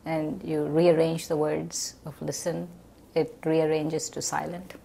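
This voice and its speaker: A woman with a somewhat low voice speaks gently and thoughtfully, reflecting on a spiritual topic. A faint ambience sits behind her. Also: little pitch movement, slow pace, creaky, slight background noise. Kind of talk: reflective conversation.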